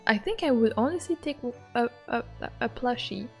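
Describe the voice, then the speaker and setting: A young woman streaming a story game, chatting casually and excitedly with frequent giggles. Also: a little high, normal speed, faint music behind. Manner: excitable and giggly, with playful squeals.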